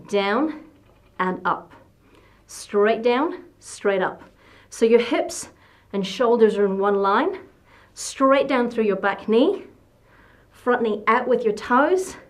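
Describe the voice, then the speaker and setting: A woman leading a workout as fitness instructor, giving short encouraging coaching cues. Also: on the high side.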